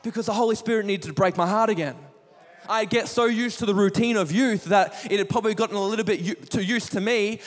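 A young male youth pastor preaches with impassioned, repetitive rhetorical questions, his voice sitting high. Long reverb trails each phrase through the church hall. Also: fast. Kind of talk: sermon. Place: church auditorium.

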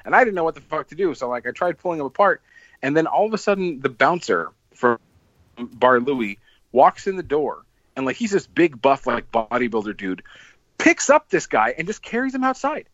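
A man casually telling a long, rambling story on a podcast. He swears a lot and acts out what people said with sudden jumps in pitch. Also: expressive, a little fast, fairly bright tone, no echo, highs cut off. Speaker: podcast host.

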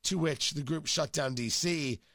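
A man's voice: on the high side, measured pace, creaky, a bit bright, no echo, studio quality. A male talk show host with a cold and a sore throat, delivering an emphatic, mocking political monologue. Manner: emphatic, mocking, punchy phrasing.

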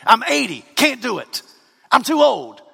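A man's voice: extremely high pitch, big pitch swings, unhurried, vocal fry, bright, forceful tone, slightly rough, long reverb tail, voice pushed up, exaggerated voice. A preacher doing a whiny old man of eighty. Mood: protesting. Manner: whiny, stammering, protesting. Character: complaining old man of eighty, full of excuses.

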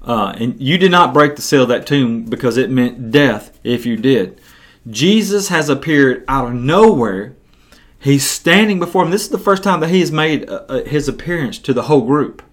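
A man hosting a Bible-teaching podcast, telling the story in an earnest, animated way. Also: medium pitch, moderate pace.

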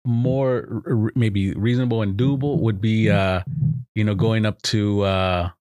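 A man in casual podcast chat, hesitant and halting, restarting his sentences often. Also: on the low side, fairly even intonation, darkish tone, smooth, dry recording, studio quality. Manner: hesitant, full of restarts and fillers. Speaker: podcast co-host.

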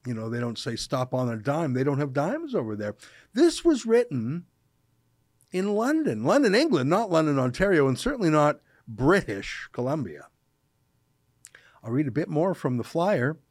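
A man's voice: medium pitch, darkish tone, dry recording, clean studio sound. Sarcastic male commentary host. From Canada. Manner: sarcastic, mocking, emphatic. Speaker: show host. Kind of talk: opinion commentary monologue.

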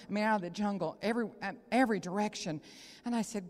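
A woman from Texas, preaching an emotional sermon, moving between loud proclaiming and hushed whispers. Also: medium pitch, brisk. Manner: emotional, near tears. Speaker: guest preacher. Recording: long hall reverb.

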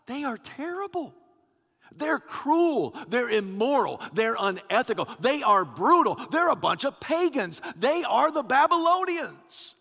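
Preacher playing an indignant complaining prophet. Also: male voice, very high-pitched, big pitch swings, measured pace, vocal fry, breathy edge, long reverb tail, voice pushed up, full character voice. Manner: exasperated, rising to shouted protest.

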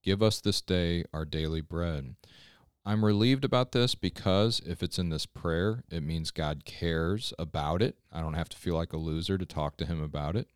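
A man's voice: low voice, moderate pace, smooth, no room sound, studio quality. A man, a pastor, giving an earnest, conversational scripture devotional on a podcast and often checking in with listeners.

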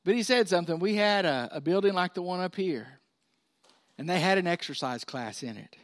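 High-voiced preacher man. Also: expressive, brisk. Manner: preaching with sudden swings from loud emphasis to hushed. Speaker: pastor. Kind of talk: sermon.

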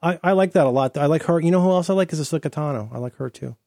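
A man's voice: fairly high pitch, very fast, vocal fry, a little mellow, no echo, clean studio sound. A man hosting a podcast in casual chat, rambling and playful as he riffs from one tangent to the next. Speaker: podcast host.

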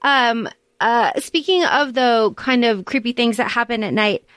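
Casting: woman podcast co-host, animated and profane, high voice, dry close sound. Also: unhurried, no echo. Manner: animated, swears freely, acts out characters' lines. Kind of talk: casual book discussion.

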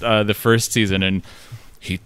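A man's voice: on the low side, normal speed, slight background noise. A man chatting casually as a co-host, rambling with fillers, swearing and laughing as he critiques. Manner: rambling, profane, animated with laughs.

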